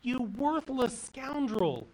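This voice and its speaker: A man's voice: sits high, animated, unhurried, distant mic, rough recording. A man voicing a greedy, domineering fisherman's wife in a fairy tale, scolding and demanding.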